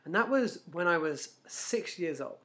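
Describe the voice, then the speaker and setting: A self-help vlogger with a high voice speaks to camera at a measured pace, giving an informal motivational talk. He tells animated stories, restarts often, and acts out inner voices.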